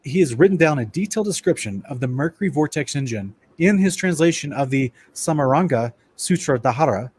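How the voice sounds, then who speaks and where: A man's voice: a little high, animated, fairly quick, few pauses, a little mellow, slightly rough. A man giving a casual lecture-style Bible study presentation. He talks to his listeners as guys and stumbles and restarts now and then while reading passages aloud.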